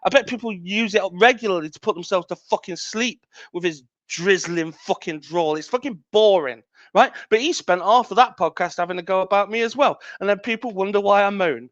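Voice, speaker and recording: A man's voice: sits high, a little fast, few pauses, a bit bright, no room sound, dull audio. A man, a wrestling champion cutting an angry, profane, taunting promo as a podcast guest.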